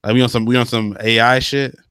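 Young man, smooth clear voice, dry close mic, slangy, profane, laid-back. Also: mid-range voice, flat delivery, fairly bright tone, no echo. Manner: slangy, profane, drawn-out delivery. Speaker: podcast co-host. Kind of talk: casual chat.

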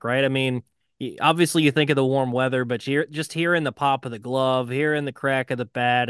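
A man's voice: medium pitch, fairly bright tone, clear, resonant tone, no room sound. A man co-hosting a casual sports podcast, enthusiastic and joking, on a studio podcast mic. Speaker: podcast co-host.

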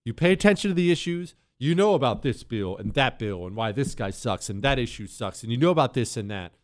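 A talk radio host delivers an emphatic, opinionated monologue into a studio microphone, tossing in sarcastic asides. His mid-range voice is fairly quick with lively intonation, and the recording is dry.

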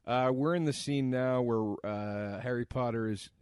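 A man co-hosting a podcast film commentary, teasing and halting, often repeating words in casual chat. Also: mid-range voice, darkish tone, clean tone, no echo, studio quality. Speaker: podcast co-host.

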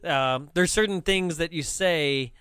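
Chatty man with smooth dry voice. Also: on the high side, a little slow, fairly bright tone, no echo. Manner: chatty, laughs often, mocks lines in put-on voices. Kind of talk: casual movie discussion.

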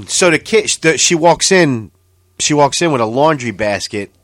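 Animated, profane man laughing through stories. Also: a little high, a little slow, dry recording. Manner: incredulous, exclaiming outbursts. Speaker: podcast co-host. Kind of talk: casual chat.

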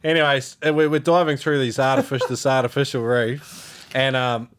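Man, laid-back storyteller, swears casually, mid pitch. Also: flat delivery, normal speed, fairly bright tone, clear, resonant tone. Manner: laid-back, swears casually, laughs while telling stories.

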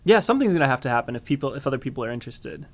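Relaxed man hosting an interview. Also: medium pitch, rapid-fire. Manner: relaxed, brief encouraging replies. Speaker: interview host. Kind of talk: casual interview.

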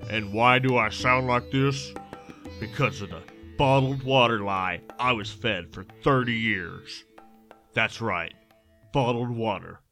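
A man playing a hammy infomercial pitchman with a put-on Texan drawl. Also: slow pace, sharp tone, faint music behind. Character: gravelly southern male cult-like water salesman.

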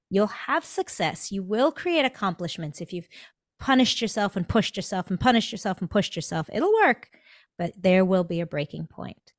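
A woman's voice: lowish voice, no room sound, clean studio sound. A woman speaking as a podcast guest in a conversational interview, telling stories animatedly and acting out little quotes. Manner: animated storytelling, acts out quotes. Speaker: podcast guest, dentist and coach.

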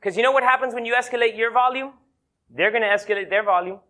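A man preaching a sermon as a pastor, telling playful stories and slowing down hard to stress his points. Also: very high-pitched. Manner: animated, playful storyteller who slows down for emphasis. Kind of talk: sermon with humorous anecdotes.

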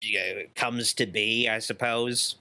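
A man's voice: lowish voice, fairly even intonation, takes it slowly, sharp tone. A man chatting casually about a movie on a podcast, rambling and hedging with many fillers. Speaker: podcast co-host.

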